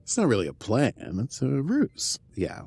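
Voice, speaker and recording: A man's voice: huge pitch swings, normal speed, gravelly, a little mellow, husky, dry recording. A man co-hosting a casual podcast, playful and joking as he chats. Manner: playful, joking, wanders between low murmurs and bursts. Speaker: podcast co-host.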